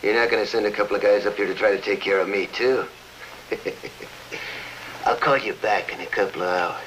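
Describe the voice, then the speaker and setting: A man's voice: on the low side, steady tone, moderate pace, a bit bright, close to an everyday voice, poor audio. An actor playing a scheming, greedy gangster boss who gloats as he blackmails, in a 1940s radio drama with faint hiss. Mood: gloating. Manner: gloating, tough-guy snarl.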